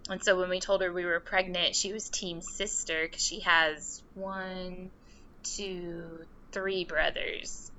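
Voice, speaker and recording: This young woman's voice sits on the low side, and she takes her time as a podcast guest telling a story. Animated and casual, she acts out her quoted characters' voices, over a slightly dull recording with faint noise.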